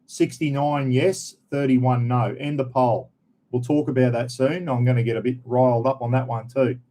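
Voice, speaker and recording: An Australian man hosts a casual live-stream rant, speaking straight to his viewers. His voice is mellow and a little dark, at an ordinary pitch for a man. He is blunt and swears freely as he talks. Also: steady tone, moderate pace. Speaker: livestream host.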